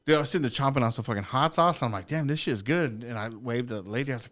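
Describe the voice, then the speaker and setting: A man on a podcast telling a story in casual, profane, animated talk with frequent laughs. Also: mid-range voice, fast talker, hardly any pauses. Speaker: podcast guest.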